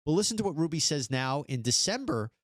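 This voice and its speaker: A man's voice: on the high side, very animated, fast, dry recording, clean studio sound. A man hosting a true-crime news commentary, narrating in a skeptical, wry manner. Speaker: host.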